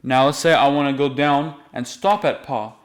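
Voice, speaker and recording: A man giving a patient, step-by-step music lesson, explaining the rules and then slowly singing the note names. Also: medium pitch, steady tone. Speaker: music teacher.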